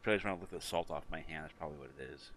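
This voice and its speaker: A young man streaming a game, chatting to viewers in a relaxed, rambling way and yawning now and then. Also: extremely low pitch, rapid-fire, slight background noise. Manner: relaxed, rambling, talks to chat and his cat. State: yawning, tired. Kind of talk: casual live-stream chat.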